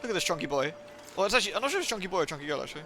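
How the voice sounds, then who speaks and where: A man's voice: high voice, sing-song, rapid-fire, noisy background. A man chatting casually and playfully while live-streaming a game, reacting aloud and thanking viewers. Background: game music.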